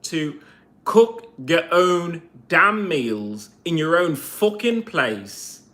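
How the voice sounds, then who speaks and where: A man's voice: fairly high pitch, animated, very slow, pushed and bright. A man vlogging a heated, profane rant to camera, full of sarcastic rhetorical questions. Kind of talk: ranting monologue to camera.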